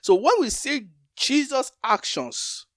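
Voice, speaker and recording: A man's voice: extremely high pitch, very animated, slow pace, fairly bright tone, no echo, studio quality. A man co-hosting a Bible teaching talk, explaining scripture with everyday comparisons.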